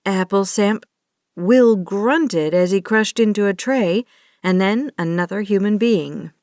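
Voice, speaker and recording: Reading a scripted romance audiobook, the female narrator keeps a slow, measured pace and a steady, even, medium-pitched tone. Her voice is captured up close and dry, without any echo.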